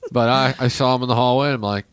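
A man's voice: mid-range voice, steady tone, racing, crowd noise. A man telling a loose, rambling story in casual podcast chat, acting out the other people's voices.

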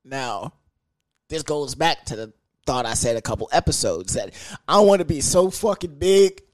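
A young podcast host delivers a crude, animated comedy monologue at a moderate pace, repeatedly breaking into high sing-song bits. There's no echo.

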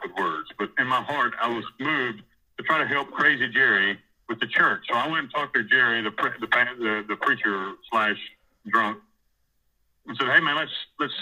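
A man's voice: mid-range voice, pushed and bright, low-quality recording. A man in prison telling a rambling, profane story about taking over church services, often acting out what others said. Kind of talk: casual storytelling interview.

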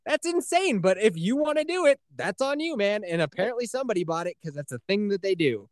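A male podcast host chats casually, swearing freely and breaking into laughter. His voice is slightly high and swings widely in pitch, recorded dry and close. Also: fast, no room sound. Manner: profane, animated, laughs often.

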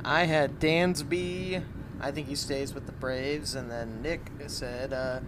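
A man co-hosting a casual sports podcast, easygoing and quick to laugh, with some hesitation. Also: a little high, fairly even intonation, a bit bright, slight background noise. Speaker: podcast co-host.

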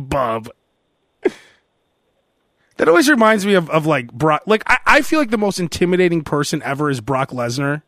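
A man hosting a podcast in casual comedy chat, animated and joking, quick to mimic other people's voices. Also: fairly high pitch, dry recording, studio quality. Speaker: podcast host.

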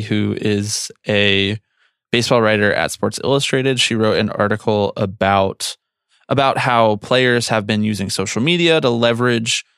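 A man's voice: fairly low pitch, gravelly, fairly bright tone, clean tone, no echo, studio quality. A young man with a Philadelphia accent co-hosting a podcast, joking and self-mocking in casual chat. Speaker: podcast co-host.

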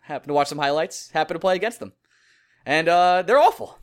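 A young adult man hosting a casual sports podcast, joking and bursting into loud excited outbursts. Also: on the high side, brisk. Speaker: podcast host.

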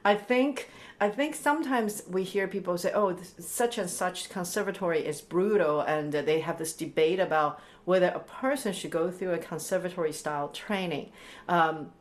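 A woman hosting an interview, who responds warmly to her guest and laughs along before steering into reflective talk. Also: lowish voice, normal speed. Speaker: host. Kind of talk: interview conversation.

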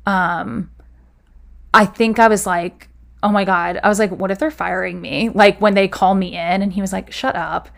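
A woman's voice: mid-range voice, steady tone, moderate pace, vocal fry, a bit bright. A young woman casually telling a personal story, filling it with "like" and acting out what people said. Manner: chatty, full of "like" fillers, acts out quoted dialogue.

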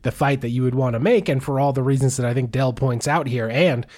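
A man's voice: mid-range voice, brisk, darkish tone. A man co-hosting a sports podcast, chatting casually and joking, with frequent restarts. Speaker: podcast co-host.

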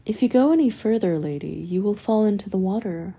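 A woman reading the part of a gentle, kind man whose voice is unusually soft. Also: sits high, expressive, a little fast, slightly rough, exaggerated voice. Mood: gentle concern.

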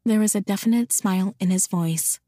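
A woman narrating a romance novel in an even, intimate storytelling voice. She sits in the middle range for a woman, recorded close and dry with no room sound. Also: mid-range voice, brisk, dry recording. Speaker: audiobook narrator.

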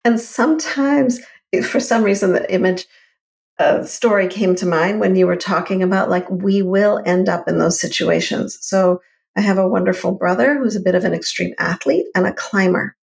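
A middle-aged woman co-hosting a podcast, telling a personal story in an animated, conversational way. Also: medium pitch, creaky. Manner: animated, lively storyteller with quick affirmations. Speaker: podcast co-host.

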